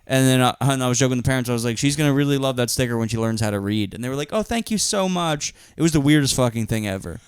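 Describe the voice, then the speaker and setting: A man's voice: mid-range voice, very fast, hardly any pauses, clean tone, dry recording, studio quality. A young adult man co-hosting a podcast, telling rambling, profane stories and laughing often. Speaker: podcast co-host, comedian. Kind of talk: casual chat.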